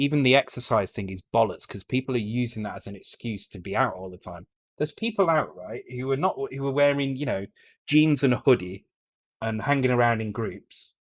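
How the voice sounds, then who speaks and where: A man's voice: mid-range voice, moderate pace, no echo. A British man on a live coding stream, thinking aloud in a blunt way, swearing freely and often breaking off to restart his sentences. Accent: British English. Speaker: streamer coding a retro game. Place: home.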